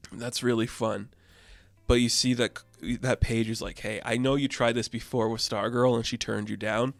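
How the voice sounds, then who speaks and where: Young male comic reviewer, casual recap, animated, acts out the quotes, dry close sound. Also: medium pitch, normal speed, dry recording. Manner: animated, acts out characters' lines.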